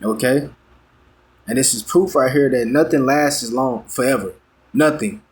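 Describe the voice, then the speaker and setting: A man delivers a sermon at an ordinary, mid-range pitch. He reads passages aloud and comments on them in an informal, halting way, repeating words as he goes. He keeps asking his listeners whether they're following. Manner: conversational, checks in with "all right?" constantly. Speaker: preacher. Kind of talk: street-style sermon with scripture and news reading.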